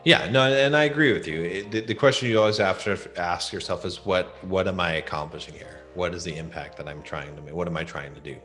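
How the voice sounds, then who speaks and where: A man's voice: low-pitched, fast, hardly any pauses, a bit bright, soft background music. A man talking as a podcast guest, giving blunt, emphatic advice and often repeating words. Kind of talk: casual advice talk.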